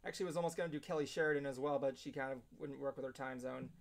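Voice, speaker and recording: A man telling a long anecdote in casual chat, animated and laughing as he acts out the quotes. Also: medium pitch, racing, gravelly. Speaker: show regular telling a story.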